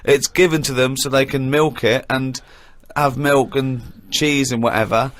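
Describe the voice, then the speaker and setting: A man's voice: medium pitch, fairly even intonation, fairly bright tone. A man co-hosting a casual radio chat, reacting with disbelief and laughing easily. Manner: incredulous, quick to laugh.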